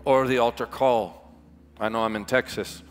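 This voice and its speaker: A man preaching a revival sermon as pastor, impassioned and emphatic, stretching key words slowly for weight, recorded live in a large church. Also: mid-range voice, steady tone, smooth, faint music behind. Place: large church hall with music behind. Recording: live church hall reverb.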